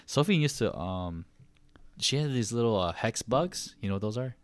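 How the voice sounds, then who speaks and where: A man's voice: lowish voice, moderate pace. A man in his thirties co-hosting a casual podcast, telling stories with lots of laughter and acted-out quotes. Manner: animated storyteller, acts out quotes with laughs. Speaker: podcast co-host. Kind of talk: casual chat.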